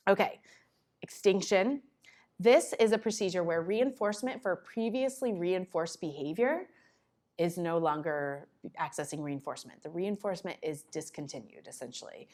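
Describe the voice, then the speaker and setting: A woman giving a conversational conference talk to parents, breaking into quick acted asides. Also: fairly low pitch. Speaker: conference presenter on child behavior. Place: conference room.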